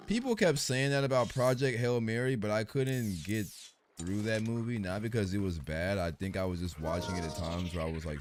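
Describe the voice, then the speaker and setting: A man's voice: fairly low pitch, a little hiss or hum. A young man streaming, chatting casually in a rambling, slangy way full of fillers.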